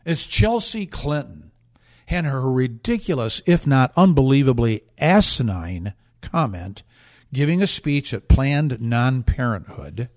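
A man's voice: mid-range voice, very animated, measured pace, darkish tone. A man hosting a political talk show, delivering sarcastic, indignant commentary with emphatic repetition and frequent restarts.

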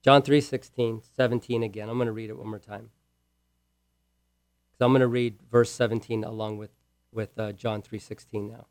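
A man preaching a sermon with emphasis, repeating key words and moving between loud and hushed delivery. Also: lowish voice, level tone, moderate pace, no room sound. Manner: asks the listeners direct questions.

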